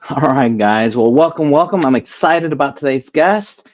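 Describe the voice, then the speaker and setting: A man's voice: mid-range voice, animated, normal speed, highs cut off. A man hosting an interview over a video call, enthusiastic and upbeat, with fillers. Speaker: host. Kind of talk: podcast interview and talk.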